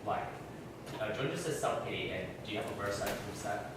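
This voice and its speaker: A man's voice: on the low side, brisk. Man teaching in a very echoey room. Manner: quizzes the class, lively and conversational. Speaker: Bible class teacher. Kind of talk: interactive Bible study teaching. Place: church classroom. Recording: echoey room, distant mic, background noise.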